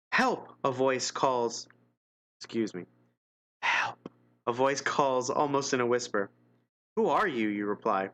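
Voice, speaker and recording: A man's voice: medium pitch, fairly bright tone. A man streaming live, reading an interactive gamebook aloud and chatting casually, wry and self-mocking with frequent chuckles.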